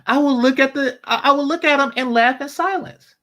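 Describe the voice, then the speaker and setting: A man giving casual commentary, an animated storyteller who swears freely. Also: very high voice, brisk. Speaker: panel commentator.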